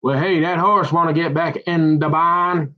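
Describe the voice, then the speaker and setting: A man's voice: on the high side, steady tone, unhurried. Rambling folksy man, lo-fi. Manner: folksy, meandering, repeats himself. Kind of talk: rambling casual monologue. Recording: dull lo-fi sound.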